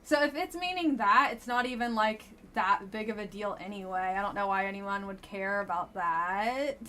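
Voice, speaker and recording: A woman's voice: medium pitch, moderate pace, pushed and bright. A woman streamer casually commenting on a dating game she plays live, with a blunt, wry and chatty manner.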